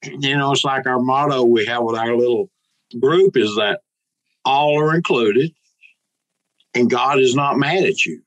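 Guy, pastor type, rambly folksy storytelling, mid-pitched voice, just chatting. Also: unhurried, long pauses, a bit bright, muffled recording. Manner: rambling, folksy, quotes others aloud. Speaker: pastor and guest. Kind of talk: casual interview storytelling.

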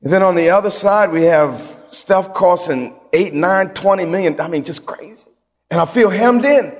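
A man preaching a sermon as pastor, emphatic and folksy, repeating phrases and swinging between loud and quiet. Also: high voice, normal speed, long reverb tail.

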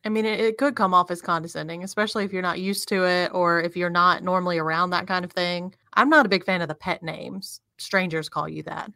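A woman's voice: lowish voice, steady tone, a little fast, gravelly, hardly any pauses, sharp tone, no room sound, clean studio sound. A woman co-hosting a podcast in casual chat, easygoing and thoughtful. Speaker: podcast co-host.

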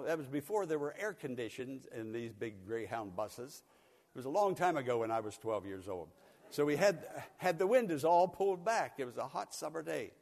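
A man's voice: on the high side, a little mellow, long reverb tail. An older man from Pennsylvania preaching a sermon, telling a folksy story and chuckling often. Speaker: pastor. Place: church sanctuary.

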